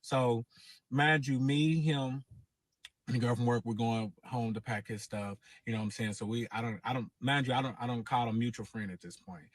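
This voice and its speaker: A man spins a personal story for his channel in loose, casual talk. He swears freely, circles back and repeats himself, and his voice sits in an ordinary middle pitch. The sound is dry, with no room around it. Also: fairly even intonation, normal speed, no echo. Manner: profane, rambling, repeats himself. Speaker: host.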